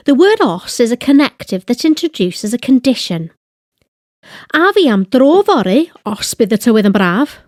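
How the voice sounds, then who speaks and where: A woman giving a slow, deliberate grammar lesson, reading example phrases and translating them. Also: fairly high pitch, darkish tone, no room sound, clean studio sound. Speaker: language teacher.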